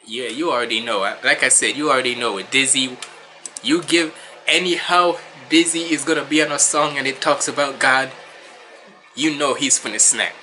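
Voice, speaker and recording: A man's voice: medium pitch, moderate pace, sharp tone, a little hiss or hum, rough recording. A man hosting a casual music reaction, talking in a laid-back, rambling way, sounding nasal and stuffy from a cold.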